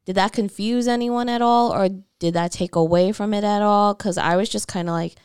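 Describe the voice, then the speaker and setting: A woman's voice: mid-range voice, fairly even intonation, moderate pace, a little mellow, clean tone, no echo, clean studio sound. A young woman co-hosting a podcast, chatting casually about a movie and acting out her own reactions. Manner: chatty, leans on "like" and reported thoughts. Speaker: podcast co-host.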